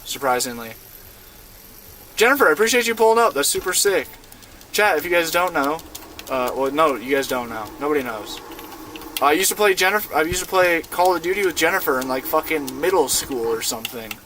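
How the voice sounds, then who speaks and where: A man's voice: fairly high pitch, expressive, fairly quick, fairly bright tone, a little hiss or hum. A young man in his twenties, streaming a game and chatting with his viewers in a laid-back, slangy way from inside a van. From United States. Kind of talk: casual live-stream gaming chat.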